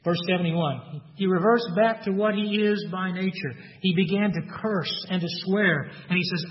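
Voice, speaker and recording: A man's voice: on the high side, moderate pace, long reverb tail, muffled recording. A man with a Texas accent preaching a sermon, earnest, acting out quoted lines with rising emphasis. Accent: Texan. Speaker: pastor.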